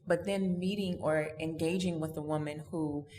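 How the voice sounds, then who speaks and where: A woman's voice: sits low, fairly even intonation, normal speed, warm tone, slight background noise. A woman hosting a podcast interview, affirming and summarizing her guest's story. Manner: affirming, summarizing, frequent okays. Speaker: podcast host. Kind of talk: interview conversation.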